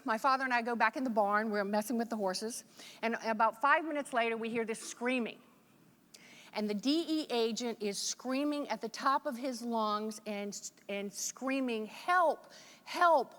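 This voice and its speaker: A woman from Virginia delivers a motivational keynote, spinning folksy, joking stories. Her voice sits a little high and rings bright and forceful. The sound carries the long echo of a big conference hall. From Virginia, USA. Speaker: motivational speaker.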